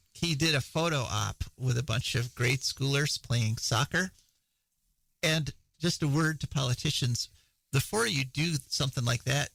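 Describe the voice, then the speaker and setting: Gravelly chatty male radio host. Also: mid-range voice, fairly bright tone, no echo, rough recording. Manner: chatty, laughs often, many fillers. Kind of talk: casual news chat.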